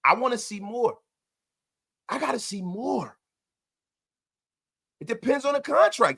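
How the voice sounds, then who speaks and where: A man hosting a live-stream post-game fan show, excitable and loud, repeating himself and bantering with his viewers. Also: extremely high pitch, measured pace, vocal fry, slightly rough.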